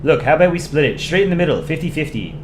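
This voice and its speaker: A man's voice: a little high, expressive, very fast, noisy background, voice pushed up, lightly acted. A man doing a stubborn countryball Canadian. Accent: mock Canadian.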